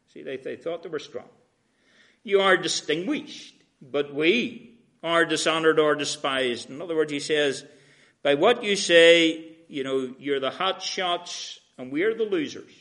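Emphatic preacher, man with a higher voice. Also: a little slow, a bit bright. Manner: paraphrasing scripture in sarcastic everyday voice, rising to emphatic peaks. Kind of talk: expository sermon.

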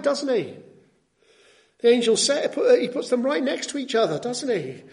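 High pitched guy preaching, leans on "don't we?" tags and keeps repeating words to hammer it home. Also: vocal fry. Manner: emphatic, with rhetorical tag questions; repeats key words for emphasis. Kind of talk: sermon.

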